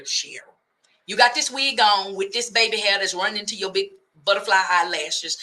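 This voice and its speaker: A woman hosts a radio talk show in an animated comic rant. Her voice is very bright and forceful, and she keeps breaking into preacher-like cadences as she goes. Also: mid-range voice.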